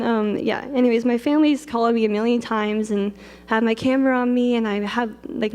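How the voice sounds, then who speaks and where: A woman's voice: fairly high pitch, darkish tone. A young woman from Canada, a wedding photographer telling a personal story at length, full of "like" and quoted self-talk. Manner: fast, filler-heavy retelling with many "like"s and acted quotes. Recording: long reverb of a large hall.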